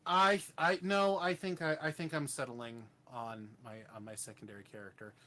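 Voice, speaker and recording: A man chatting casually on a podcast, hesitant and halting as he talks about his game character. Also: on the high side, flat delivery, pushed and bright, slight background noise. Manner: hesitant, full of restarts and laughs. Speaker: podcast co-host and player. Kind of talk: casual chat.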